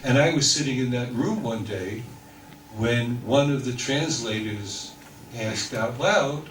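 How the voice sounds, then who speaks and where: Older New Yorker spinning a wry tale. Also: male voice, mid-range voice, slow pace, a little hiss or hum. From New York. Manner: wry storyteller, mimics voices in quotes. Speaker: speaker telling stories. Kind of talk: humorous anecdote for a live audience. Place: talk hall with audience. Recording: echoey room from far off.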